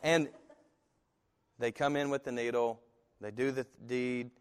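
A man preaching in a church with a long, ringing reverb behind his voice. His voice sits at a middle pitch, and he tells stories with animated delivery. He jumps up into other people's voices whenever he quotes them. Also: a little slow, clear, resonant tone. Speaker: pastor. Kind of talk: sermon.

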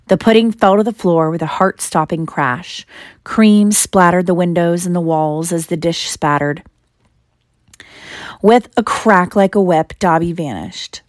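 A woman reads a storybook chapter aloud to her child, her voice sitting low for a woman and steady in pace. The sound is close and dry, with no room around it. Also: dry recording. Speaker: mother reading to her child.

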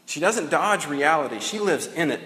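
A man's voice: fairly high pitch, expressive, normal speed, pushed and bright. A man preaching a sermon in a conversational way, acting out the dialogue of the story as he goes. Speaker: pastor. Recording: echoey hall, long reverb.

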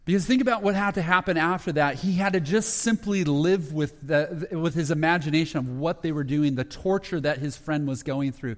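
A pastor telling a Bible story as a sermon, acting out the quoted lines and growing hushed at the tender moments. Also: male voice, a little high, moderate pace, few pauses. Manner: retells scripture with quoted dialogue, dropping to a hushed voice at emotional moments. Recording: long hall reverb.

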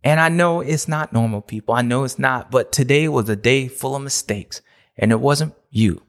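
A man's voice: medium pitch, moderate pace. Ranting, self-mocking male show host. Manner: animated, self-mocking, playfully grumpy. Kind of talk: casual ranting commentary.

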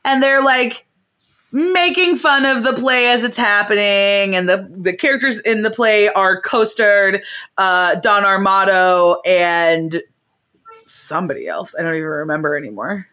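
Speaking in a mid-range voice, a young woman on a podcast recounts the story of a play with lots of swearing. Her lively play-by-play includes quick put-on voices for the characters, all in a casual chat.

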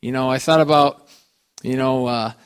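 A man's voice: mid-range voice, steady tone, moderate pace, clear, resonant tone. A man telling personal stories as a guest speaker, rambling and folksy, full of "you know" and restarts. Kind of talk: personal testimony storytelling.

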